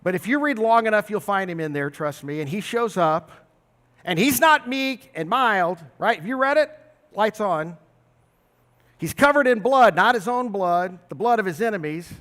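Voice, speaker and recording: A man preaching a sermon as pastor, telling stories with big swings between loud and soft. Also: sits high, normal speed. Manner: animated storytelling with big swings of loudness. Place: large church hall. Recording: long reverb of a church hall.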